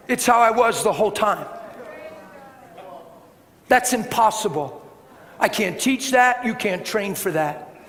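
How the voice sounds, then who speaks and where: A middle-aged man preaching a sermon and telling a personal story, swinging between loud bursts and hushed, gentle tones. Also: high voice. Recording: reverberant hall with faint background hiss.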